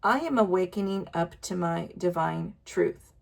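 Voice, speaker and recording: Slow gravelly-voiced woman reading oracle cards. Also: lowish voice, slight background noise. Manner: slow, sighing, emotional, self-interrupting. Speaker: oracle card reader. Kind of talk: casual oracle card reading vlog. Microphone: wireless earbuds.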